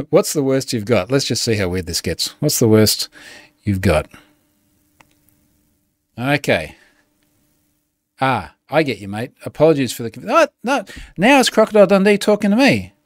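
A man talks loosely through his weekly show, chuckling as he goes. His pitch rises and falls a lot, and the recording is dry with no room sound. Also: big pitch swings, moderate pace, pauses often, no room sound. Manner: chatty and amused, laughs often. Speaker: podcast host. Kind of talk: casual solo show talk.

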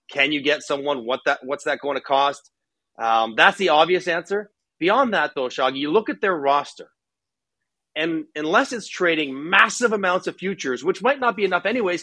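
A man's voice: a little high, bright, forceful tone, dry recording. A man who used to play professionally, talking hockey candidly and casually on a podcast, thinking aloud with a few fillers. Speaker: hockey analyst, former player. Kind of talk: casual sports podcast chat.

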